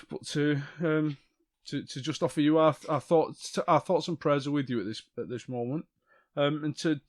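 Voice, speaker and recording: A man playing a tabletop game, speaking in character in a halting way, searching for his words. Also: mid-range voice. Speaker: player. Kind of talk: in-character tabletop role-play.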